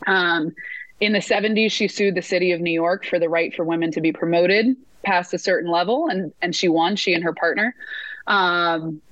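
A woman who works as a sports announcer, telling lively stories in a casual interview, full of fillers and restarts. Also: on the low side, moderate pace, dry recording, dull audio.

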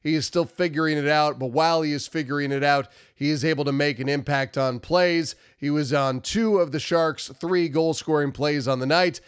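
A man's voice: fairly high pitch, fairly even intonation, normal speed, hardly any pauses, clear, resonant tone. A man with a nasal voice from a cold, giving emphatic, repetitive post-game hockey analysis. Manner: emphatic, repetitive, stumbles over words. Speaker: hockey commentary host.

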